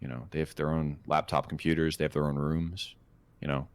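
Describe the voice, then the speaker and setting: A man's voice: very deep voice, flat delivery, a little fast, no room sound. A man in his twenties co-hosting a podcast, telling a casual story in a rambling, profane way with lots of fillers and restarts. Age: 20s. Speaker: podcast co-host.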